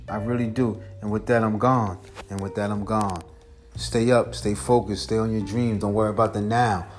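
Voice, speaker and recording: A man hosting a podcast, telling a personal story as a motivational monologue, preachy and repetitive, his voice climbing high and loud as he gets worked up. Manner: preachy and repetitive, driving points home; climbs high and loud when retelling the race. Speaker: podcast host.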